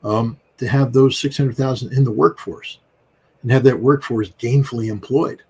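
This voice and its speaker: A man's voice: mid-range voice, normal speed, darkish tone, breathy edge. A middle-aged man from the United States, a guest commentator talking in a rambling, emphatic way, with many fillers and restarts. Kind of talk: conversational political commentary.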